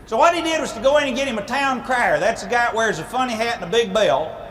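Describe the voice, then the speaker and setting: A man telling a comic story to a live audience in a folksy, animated way, with sound effects. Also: very high-pitched, fast, big-room sound.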